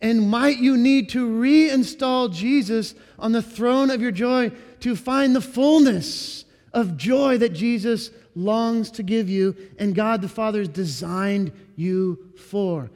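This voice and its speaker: High-voiced man preaching in a reverberant hall. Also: a little mellow. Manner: earnest preaching, slowing and rising on key words. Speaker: pastor. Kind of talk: sermon.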